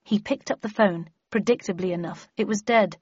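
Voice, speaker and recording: A woman's voice: medium pitch, normal speed, a little mellow, slightly rough, dry recording. A woman narrating a first-person audiobook in a wry, understated storytelling manner. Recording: dry, slightly muffled lo-fi recording.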